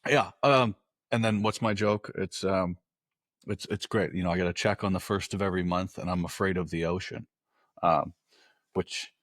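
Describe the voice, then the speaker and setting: A very low-voiced man hosts a podcast with loose, blunt talk and free swearing. His voice sits close and dry, with no room sound around it. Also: fairly even intonation, normal speed, fairly bright tone, no room sound. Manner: blunt and profane, loose and joking. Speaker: podcast host. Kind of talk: casual interview chat.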